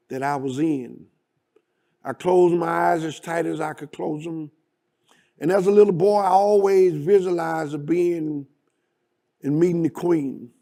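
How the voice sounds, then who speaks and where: A male guest speaker telling a story in a dramatic, deliberate manner. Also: fairly high pitch, creaky, mellow. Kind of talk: storytelling speech.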